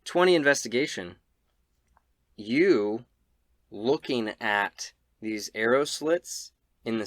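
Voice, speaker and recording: A man narrating a tabletop game as game master, relaxed and halting with frequent fillers. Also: mid-range voice, dry recording, studio quality.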